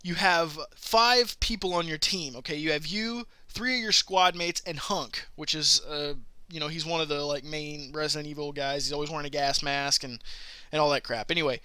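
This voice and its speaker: Host, male, high, very bright voice, rambling animated storyteller, dry close sound. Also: normal speed, clear, resonant tone, no echo. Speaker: podcast host. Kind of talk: casual gaming chat.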